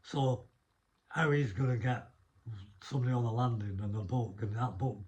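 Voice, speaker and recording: A man's voice: medium pitch, moderate pace, a little mellow. A middle-aged man with a Northern English accent, a former prison officer telling rambling anecdotes in a casual interview. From Northern England. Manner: rambling anecdotes, restarts, mild swearing.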